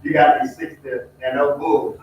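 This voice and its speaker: A man's voice: a little high, flat delivery, moderate pace, a little hiss or hum. A man leading a Bible study, telling stories in a folksy way and talking straight to the group. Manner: folksy, talks to the group directly, mimics hollering. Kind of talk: storytelling bible study talk. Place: church. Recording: echoey, distant, dull room recording.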